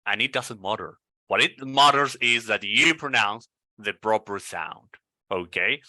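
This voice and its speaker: A man whose first language is Spanish, coaching English pronunciation in an online lesson and repeating each word slowly to model its sound. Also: fairly low pitch, bright, forceful tone, no room sound. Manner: slow, repeats words over and over to model sounds. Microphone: video call.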